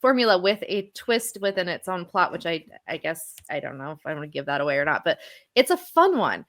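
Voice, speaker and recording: A woman's voice: lowish voice, very animated, a little fast. A woman in her thirties co-hosting a casual film chat, talking in a chatty way with lots of fillers and restarts. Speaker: podcast co-host. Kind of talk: casual chat about films.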